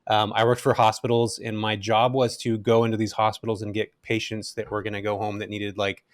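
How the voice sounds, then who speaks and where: A middle-aged man telling his story as an interview guest, animated and casual, with frequent fillers. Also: fairly low pitch, brisk, dry recording, clean studio sound. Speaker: guest, rental investor.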